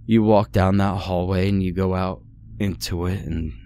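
A man's voice: fairly even intonation, normal speed, dark tone, slight background noise. A man voicing a sad, resigned ghost woman who speaks in a tired, heavy way. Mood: weary. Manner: tired, heavy, low-voiced.

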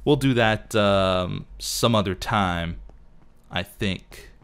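Talking to himself while building in a game, a let's play host chats casually and frets over small details. He's losing his voice. He speaks slowly in a lowish, clear, resonant tone.

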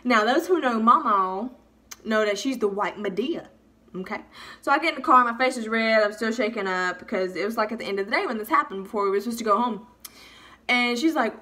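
A young woman vlogger telling a funny storytime, animated and freely swearing. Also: fairly high pitch, a little fast. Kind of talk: storytime vlog.

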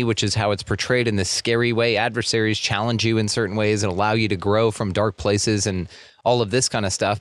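A man's voice: on the low side, no room sound. A man hosting a podcast in casual chat, musing at length, with frequent swearing. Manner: reflective, profane, rambling. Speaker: podcast host.

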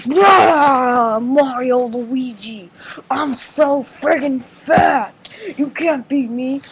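A young-sounding voice doing a boastful fat male turtle king villain from a game, shouting and bragging, recorded with faint noise behind. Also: sits high, extremely slow, pitched above the performer's own voice.

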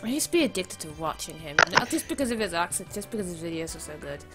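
A woman's voice: fairly low pitch, big pitch swings, quick pace, over loud music. A woman streamer chatting casually on a live stream, giggly and exclaiming, muttering to herself between remarks. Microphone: streaming mic.

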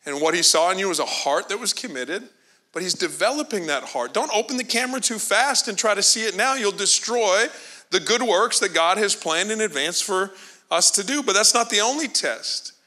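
A man's voice: sits high, animated, normal speed, bright, forceful tone. A man preaching a sermon, telling a story with humor and acting out the characters' lines. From Canada. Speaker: pastor.

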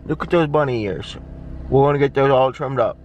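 A man's voice: medium pitch, fairly quick, dull audio, background noise. A man vlogging casually while getting over an illness, talking playfully to his dog in a coaxing way. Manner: lively, playful coaxing talk to a pet.

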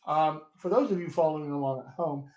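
A man's voice: a little high, darkish tone, muffled recording. Chatty General American man, echoey room. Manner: demonstrative, chatty, repeats sample words slowly. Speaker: dialect coach. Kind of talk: live-streamed accent lesson.

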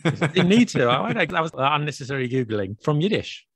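British male co-host, playful and joking; gravelly, dead-dry recording. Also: fairly high pitch, sing-song, fairly quick, no room sound. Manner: playful, teasing, self-mocking asides. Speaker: podcast co-host. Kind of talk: casual podcast chat.

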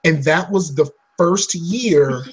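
A man's voice: a little high, slow pace, breathy edge. A man co-hosting a podcast in casual chat, talking bluntly with joking trash talk and rambling, restarting his sentences. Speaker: podcast co-host.

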